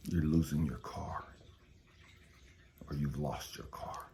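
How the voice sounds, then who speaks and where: A man giving a blunt, profane motivational monologue as a spiritual coach, dropping to hushed whispers and then rising to loud outbursts. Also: a bass voice, slow pace, gravelly, a little hiss or hum.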